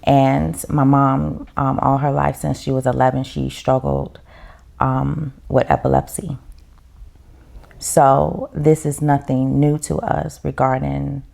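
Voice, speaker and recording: A woman's voice: a bass voice, flat delivery, takes it slowly, vocal fry, a little mellow. A woman, a podcast guest, telling her story in casual chat in a heartfelt, reflective way.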